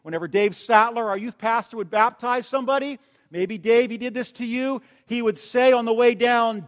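A male pastor preaching a sermon in a church, telling stories and swinging between loud emphasis and soft, tender asides. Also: very high voice, moderate pace. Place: church sanctuary. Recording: long church-hall reverb.

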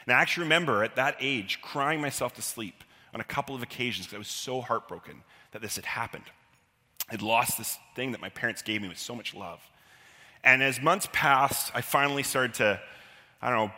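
A man telling a personal childhood story live, animated and self-deprecating, acting out the quotes. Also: mid-range voice, brisk. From Canada. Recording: long hall reverb.

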